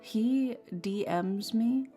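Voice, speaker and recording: A woman's voice: a little high, drawn-out words, dark tone. A young woman streamer chatting casually, talking frankly and swearing as she vents about a painful personal story. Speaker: tarot streamer. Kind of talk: casual chat. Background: faint lofi music.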